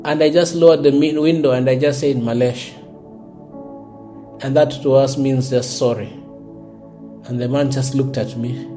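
A man's voice: mid-range voice, flat delivery, normal speed, warm tone. A man preaching a sermon in an earnest way, often repeating words as he searches for the phrasing, with faint music behind him. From South Sudan. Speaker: pastor.

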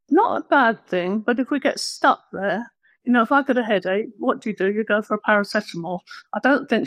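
A woman's voice: medium pitch, moderate pace, dry recording. A woman preaching a conversational sermon, plain-spoken and self-deprecating.

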